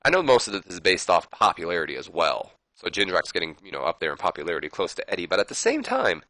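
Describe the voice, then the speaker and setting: Lively young man narrating his game. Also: deep voice, fast, no room sound, poor audio. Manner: rambling, self-deprecating, lively delivery. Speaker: gaming video host. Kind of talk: casual commentary on a wrestling sim playthrough.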